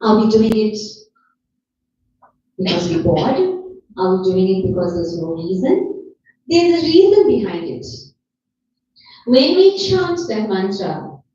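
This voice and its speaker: Woman, devotional talk, slow earnest delivery, dull distant mic, echoey hall. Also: medium pitch, very animated, dark tone, a little hiss or hum. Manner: earnest, pleading, repeats phrases for emphasis. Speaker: speaker at a devotional gathering. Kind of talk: devotional talk retelling stories.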